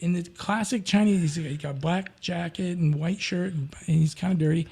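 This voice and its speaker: A man, a podcast guest, telling travel stories in a lively way, slipping into sung and acted quotes. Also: high-pitched, normal speed, husky. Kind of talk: animated storytelling.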